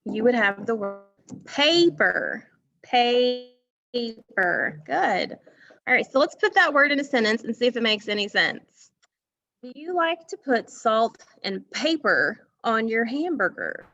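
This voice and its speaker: A woman's voice: a little high, animated, moderate pace, bright, forceful tone, highs cut off. A woman teacher giving an online phonics lesson from a school music room, patiently repeating words and asking questions.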